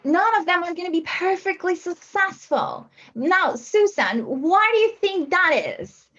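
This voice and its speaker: Woman facilitator, high pitch, hesitant and filler-heavy, muffled recording. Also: expressive, unhurried, a bit bright. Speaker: workshop facilitator. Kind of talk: casual group discussion. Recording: muffled lo-fi audio.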